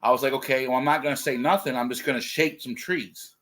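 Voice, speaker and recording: A man's voice: medium pitch, steady tone, fast, a bit bright. Rambling man full of "like" and "dude". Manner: rambling, filler-heavy, says "like" and "dude" often. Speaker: co-host. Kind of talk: casual livestream chat.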